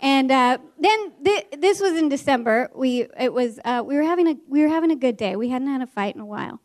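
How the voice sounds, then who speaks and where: A woman teacher telling a story from her classroom to an audience, animated and laughing, with many restarts. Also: high voice, fairly quick. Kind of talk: stage storytelling.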